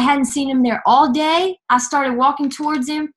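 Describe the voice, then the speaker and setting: A young woman from Nashville, Tennessee shares a heartfelt personal testimony in a high-pitched, steady voice. She often stops, restarts, and fills pauses as she talks.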